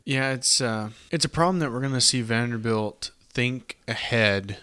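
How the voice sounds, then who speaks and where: Bright, clear-voiced Southern man. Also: medium pitch, moderate pace, no echo. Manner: conversational, explains with asides. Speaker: podcast host. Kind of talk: casual history podcast narration.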